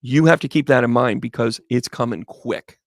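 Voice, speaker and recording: A man's voice: medium pitch, normal speed, dry recording, clean studio sound. A man giving a chatty, upbeat live tarot reading, talking straight to viewers by name. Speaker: tarot reader.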